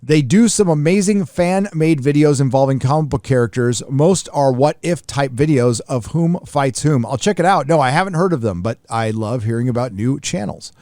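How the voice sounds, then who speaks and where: A male host reads viewer messages aloud on a live stream, adding quick offhand remarks between them. His voice sits at an ordinary middle pitch. The sound is dry and close to the mic. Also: animated, warm tone, dry recording. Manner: reads superchats aloud then comments offhand. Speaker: host reading donations. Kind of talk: casual live-stream chat.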